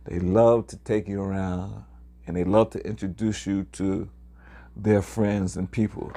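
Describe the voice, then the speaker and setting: This traveler, a man in his sixties from Harlem in New York, talks to his viewers in a deep, warm voice that stays steady and unhurried. His casual account of his trips wanders, full of hesitation and filler words.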